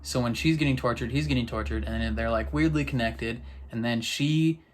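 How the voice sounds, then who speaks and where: A man casually recapping and reacting to a TV episode, talking in a loose, rambling, excitable way. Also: mid-range voice, fairly quick.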